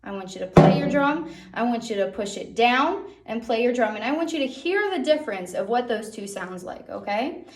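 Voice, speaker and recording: A woman's voice: a little high, animated, normal speed, noisy background. Upbeat woman teaching drums in echoey room. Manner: encouraging, checks in with frequent "okay?". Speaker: music teacher. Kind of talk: online music lesson for children. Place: music room. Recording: echoey room, drum hits.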